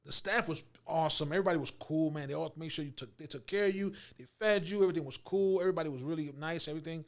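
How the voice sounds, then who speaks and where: A man in his forties telling an animated story in an interview, acting out what people said and laughing often. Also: fairly high pitch, very fast. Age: 40s. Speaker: actor guest.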